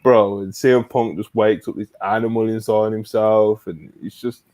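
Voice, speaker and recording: Low-voiced excitable man, podcast chat. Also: normal speed. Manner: excitable, swears freely, retells events at length. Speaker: podcast co-host. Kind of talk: casual wrestling chat.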